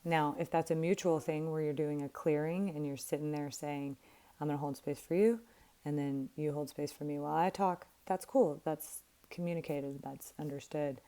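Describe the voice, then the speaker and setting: A woman's voice: sits low, steady tone, moderate pace, warm tone. A middle-aged woman talking candidly and emphatically as a coach, now and then swearing for emphasis. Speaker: life coach. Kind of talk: casual direct-to-camera talk.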